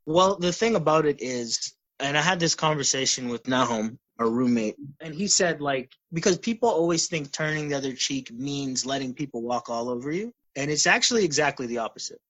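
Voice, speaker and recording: A man's voice: medium pitch, expressive, a little fast, hardly any pauses, a bit bright, no room sound. A young man telling stories in a casual, earnest talk, acting out the quoted exchanges. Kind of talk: casual conversational storytelling.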